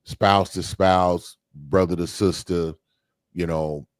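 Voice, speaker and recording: A man's voice: low-pitched, fairly even intonation, slow pace, dry recording, clean studio sound. A man co-hosting a podcast, talking things through in a casual, thoughtful way with fillers and restarts. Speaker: podcast co-host. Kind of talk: casual discussion.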